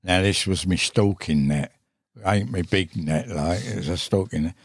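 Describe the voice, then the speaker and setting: Older english bloke, low voice, rambling story full of swearing and little laughs, dry studio mic. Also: male voice, measured pace, slightly rough, no room sound. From England. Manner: rambling, swears often, laughs while telling. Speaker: guest angler. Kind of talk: casual storytelling. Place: podcast studio.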